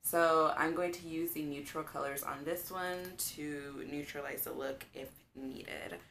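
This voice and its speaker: Young female beauty vlogger, low-pitched, casual and gushing, lots of "um" and "like", faint hiss. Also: steady tone, unhurried, fairly bright tone. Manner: chatty and gushing, with many fillers like "um" and "like". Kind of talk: casual makeup tutorial chat.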